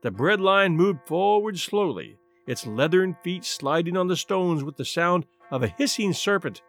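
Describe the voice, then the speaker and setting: A man's voice: high voice, animated, a bit bright, soft background music. A man narrating a classic short story as host of a story podcast. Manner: measured storytelling.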